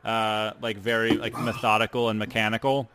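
A man narrating a tabletop game as game master, describing scenes haltingly with many fillers. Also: lowish voice, completely flat delivery, background noise.

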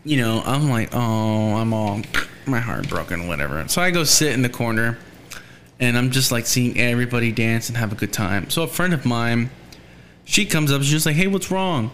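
A man's voice: medium pitch, expressive, a little fast, fairly bright tone, slight background noise. A young man in casual talk, telling a rambling story and acting out the voices of the people in it.

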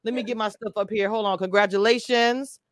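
A woman's voice: medium pitch, steady tone, a little fast, dry recording, studio quality. A woman hosting a live online interview, gushing and playful with lots of slang. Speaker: host of a reality TV review channel. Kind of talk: excited live-stream interview.

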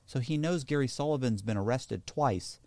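A man telling a long story as a guest. He talks in a halting way, restarting sentences, and acts out what other people said. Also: mid-range voice, darkish tone, no echo. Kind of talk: casual storytelling.

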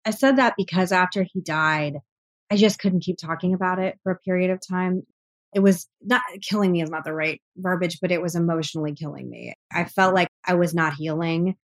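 A woman's voice: fairly low pitch, brisk. A woman guest on a podcast, speaking earnestly and reflectively about grief, often breaking into short laughs. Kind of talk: candid conversational interview.

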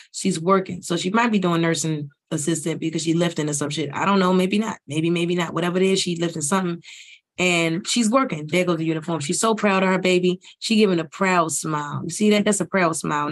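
Blunt, profane woman reviewing a reality show. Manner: blunt, profane, rising loud and high when ranting. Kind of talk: profane casual commentary.

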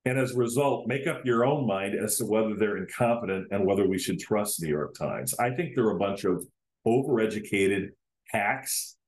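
A man's voice: fairly low pitch, moderate pace, darkish tone, echoey room, rough recording. A man hosting a solo podcast, giving opinionated commentary and often hedging his claims as his humble opinion. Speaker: podcast host.

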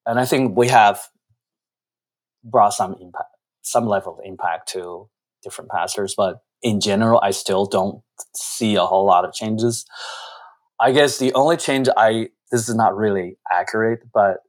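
Earnest man, low voice. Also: moderate pace. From China. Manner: earnest, with frequent restarts and repeated words. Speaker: interviewee. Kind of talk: reflective interview answers.

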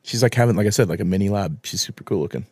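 A man's voice: lowish voice, rapid-fire, darkish tone, breathy edge, no room sound. A man in his thirties co-hosting a podcast, easygoing and chatty, laughing often. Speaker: podcast co-host. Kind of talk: casual chat.

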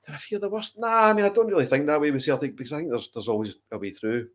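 A man's voice: medium pitch, sing-song, very fast, fairly bright tone. A man giving his views in a casual football podcast chat.

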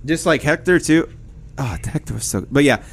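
A man's voice: on the high side, lively intonation, moderate pace, gravelly, slightly rough. A young man co-hosting a stream in casual banter, playful and giggly. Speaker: stream co-host.

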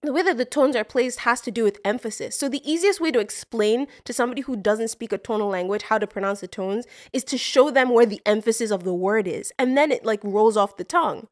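Expressive woman podcast co-host. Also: fairly high pitch, fairly quick, hardly any pauses. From Nigeria. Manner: expressive, explains patiently, laughs easily. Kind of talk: casual chat.

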